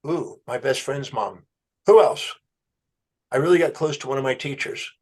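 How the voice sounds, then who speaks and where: A podcast guest with a mid-range voice talks a little fast as he tells an animated story. He acts out his client's answers as well as his own questions.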